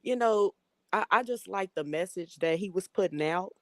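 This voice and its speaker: Soft-spoken young woman, dry sound. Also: medium pitch, moderate pace, no room sound. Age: young adult. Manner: soft-spoken, easygoing, giggly. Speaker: guest. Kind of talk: casual interview chat.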